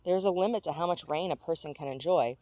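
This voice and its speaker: A woman's voice: sits low, quick pace, mellow, dry recording, close to an everyday voice. A woman voicing a blunt mother who speaks emphatically and with scorn. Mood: emphatic.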